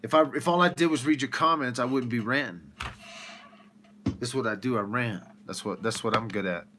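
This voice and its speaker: A man's voice: mid-range voice, brisk, background noise. Ranting man on a livestream. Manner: rhetorical questions, animated. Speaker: livestream host.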